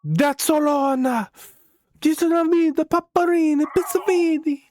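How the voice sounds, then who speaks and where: A man putting on an over-the-top cartoon Italian man, shouting in a goofy sing-song mimicry. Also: very high voice, fairly even intonation, a little slow, no room sound, studio quality, pitched above the performer's own voice. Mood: goofy mockery.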